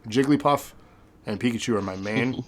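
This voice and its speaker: A man's voice: medium pitch, normal speed. A man hosting a podcast, chatting casually in a rambling, sentimental way with many fillers. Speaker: podcast host.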